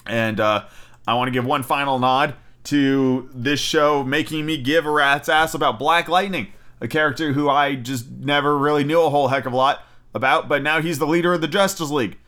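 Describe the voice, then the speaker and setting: Male podcast host, young adult, smooth clear voice, loose chatty delivery with frequent restarts. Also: fairly high pitch, steady tone, normal speed, fairly bright tone. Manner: chatty, swears freely, restarts a lot. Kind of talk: casual solo podcast chat.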